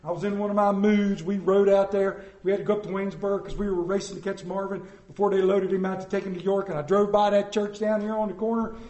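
Male pastor, middle-aged, high voice, folksy self-deprecating sermon, roomy church echo. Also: flat delivery, fast talker, few pauses, a little mellow.

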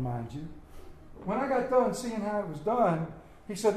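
Guy preaching with a high voice, folksy storytelling, lots of questions to the crowd, echoey church room. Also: very animated, normal speed, pauses often, a little mellow. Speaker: pastor. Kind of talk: sermon.

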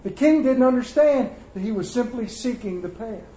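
A man preaches in a high, light voice, spinning folksy stories and slipping into the voices of their people. The sound rings around an echoey church room. It feels like a live sermon from the pulpit. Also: lively intonation, normal speed, warm tone, slight background noise. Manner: folksy storytelling, acts out voices. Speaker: pastor.

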